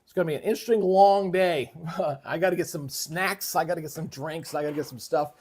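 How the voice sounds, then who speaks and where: A man's voice: on the high side, fairly quick, a little mellow, slightly rough. A man hosting a live weather stream from his home setup, talking casually with lots of fillers and restarts. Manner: rambling, folksy, many fillers and restarts. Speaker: livestream weather host. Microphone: switches between microphones, moves away from them.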